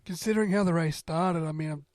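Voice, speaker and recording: Upbeat man, slightly higher voice. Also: fast talker, a little mellow, no room sound. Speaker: podcast co-host. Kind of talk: casual chat.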